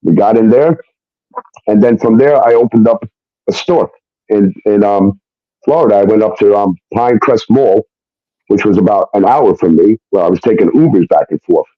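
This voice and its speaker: A man's voice: on the low side, moderate pace, no room sound. A man telling a personal story in a casual, emphatic way, often swearing and tagging sentences with "okay?". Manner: emphatic, profane, keeps adding "okay?". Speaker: guest. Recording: dull, dry lo-fi sound.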